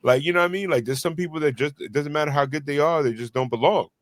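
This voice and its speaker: A man's voice: fairly high pitch, fast talker, dry recording. Laid-back man in casual podcast chat. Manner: loose, filler-heavy storytelling with lots of "like". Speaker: podcast co-host.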